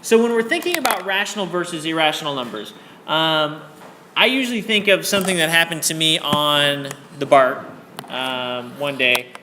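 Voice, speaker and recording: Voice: mid-range voice, expressive, normal speed. A math teacher giving a classroom lesson in an encouraging way, often checking in with students. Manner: encouraging, checks in with 'okay?' and 'all right'. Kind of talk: classroom lecture. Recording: echoey classroom, faint background noise.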